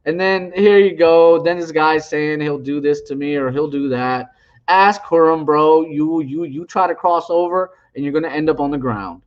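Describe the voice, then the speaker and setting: A man's voice: a little high, normal speed. A man in his forties rambling through a retelling of an online argument, trash-talking and mocking as he goes. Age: 40s. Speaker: channel host. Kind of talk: casual storytelling monologue. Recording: dull lo-fi audio.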